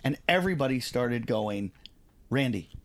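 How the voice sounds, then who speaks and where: A man's voice: medium pitch, normal speed. A man, a comedian, telling a casual story on a podcast, acting out quoted voices and swearing freely.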